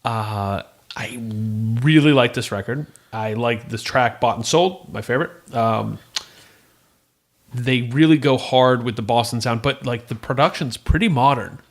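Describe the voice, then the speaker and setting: A man co-hosting a podcast, chatting in a relaxed, agreeable way about records. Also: medium pitch, a little slow. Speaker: podcast co-host. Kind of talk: casual chat about hardcore records.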